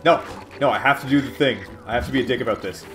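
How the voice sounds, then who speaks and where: A man hosting a let's-play, giving excitable, casual commentary, swearing at and taunting enemies. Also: mid-range voice, fast talker, faint music behind. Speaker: gaming channel host.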